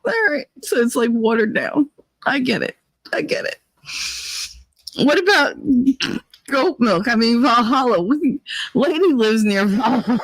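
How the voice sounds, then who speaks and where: A woman hosting a casual live chat, reading viewer comments aloud and laughing often as she tells animated stories. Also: sits high, unhurried, pauses often, no room sound. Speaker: host.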